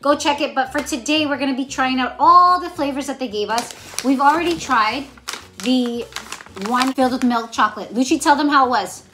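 A woman hosting a casual snack-tasting vlog, talking in an excited, bubbly way. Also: high-pitched, a little fast, background noise. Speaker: vlogger host.

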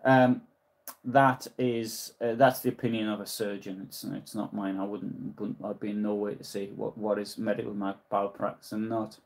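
A man with a Newcastle accent speaks at an ordinary, mid-range pitch while hosting a live history broadcast from his house. He translates old documents aloud in a halting way. He keeps stopping to explain what he has read and to answer viewer comments. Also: flat delivery, gravelly. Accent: Newcastle English. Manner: halting, pauses to explain and correct himself. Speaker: history livestream host. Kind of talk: live-translating a diary and reading chat comments.

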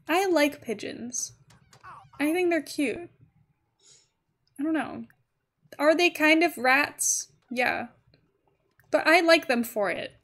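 A woman's voice: sits high, fairly bright tone. A woman streaming a game live, chatting casually and giggling as she talks to her chat. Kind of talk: casual gaming livestream chat.

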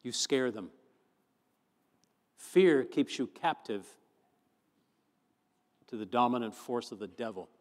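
A man, a pastor, preaching a sermon, moving from chatty storytelling to fervent, loud emphasis. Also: mid-range voice, animated, takes it slowly, long pauses. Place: church sanctuary. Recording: long church hall reverb.

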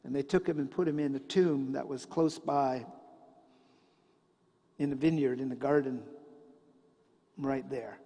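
A man preaching a sermon in a church, telling a story and swinging between loud passages and hushed ones. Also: medium pitch, steady tone, unhurried, pauses often, husky, big-room sound. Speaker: pastor. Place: church sanctuary.

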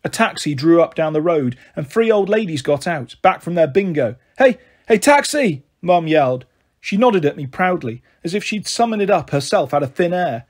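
A man reading a children's novel aloud, narrating briskly in the first person. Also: on the high side, expressive. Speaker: storyteller.

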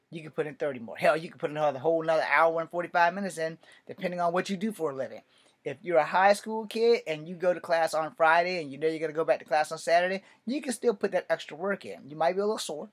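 A man in his late forties telling a story and ranting about martial arts training, blunt and full of swearing, dropping to low mutters and then bursting out loud. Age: 40s. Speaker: martial arts video maker. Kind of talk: profane storytelling rant.

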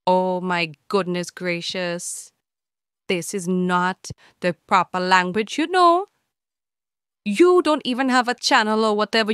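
A woman's voice: mid-range voice, a bit bright, clean tone, no room sound, clean studio sound. Scolding woman. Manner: blunt, scolding, talks straight to the listener. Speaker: channel host answering viewer comments. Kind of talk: scolding commentary.

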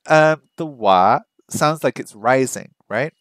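A man's voice: mid-range voice, lively intonation, slow pace, fairly bright tone, dry recording, studio quality. A man on a casual study stream, thinking aloud, repeating phrases over and over and joking at his own mistakes. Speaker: streamer learning a language. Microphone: streaming microphone that picks up his voice weakly.

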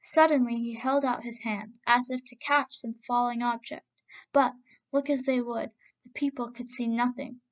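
Woman storyteller, gravelly, fairly high voice, little pitch movement, dull lo-fi sound. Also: moderate pace. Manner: steady expressive reading with voiced quotes. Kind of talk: storybook narration.

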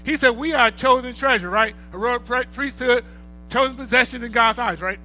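A man preaching a sermon, emphatic and repetitive, swinging from quiet reflection to loud declarations. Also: extremely high pitch, fairly quick, soft background music, low-quality recording.

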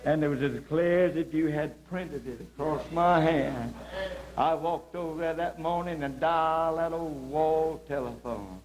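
A South Georgia evangelist shares his testimony from the pulpit, captured on a humming 1980s video. He speaks at a measured pace with a slightly mellow tone, yet tells the story passionately, his voice rising high for emphasis.

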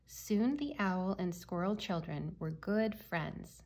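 A woman reading a children's picture book aloud with gentle, clear storytelling. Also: lowish voice, lively intonation, takes it slowly.

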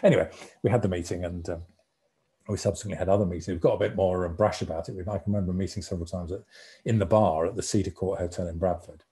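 A man in his sixties giving an anecdotal public talk as a former broadcasting executive, telling stories in a relaxed, conversational way. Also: deep voice, fast talker. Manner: conversational storyteller, relaxed and reflective.

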